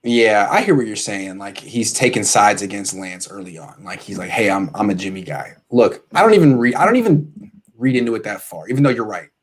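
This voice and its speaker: Animated ranting man on a sports show. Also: lowish voice, brisk, husky. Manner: animated, ranting, reads viewer comments. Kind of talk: casual sports talk.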